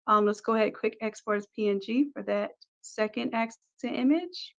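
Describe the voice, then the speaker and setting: A woman teaching a design software tutorial, upbeat, talking through each click step by step. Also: a little high, normal speed, muffled recording. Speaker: design instructor. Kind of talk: screen-recorded software tutorial.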